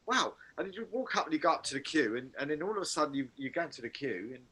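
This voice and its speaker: A man hosts a casual chat, talking quickly in a bright, forceful voice. He tells stories in an animated, rambling way. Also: a little high, husky, rough recording. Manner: animated anecdote teller, rambling restarts. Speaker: podcast host.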